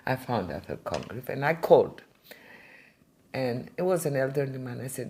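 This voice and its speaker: Older woman, collector recounting anecdotes in an interview; husky, mellow voice, lively storyteller. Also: a bass voice, brisk. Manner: animated, vivid storyteller. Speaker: art collector and museum founder.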